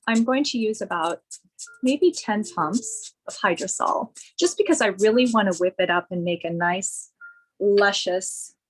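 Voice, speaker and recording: A woman esthetician leads a skincare demonstration, gushing with enthusiasm over each product. She speaks very slowly at an ordinary pitch. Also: a bit bright, rough recording.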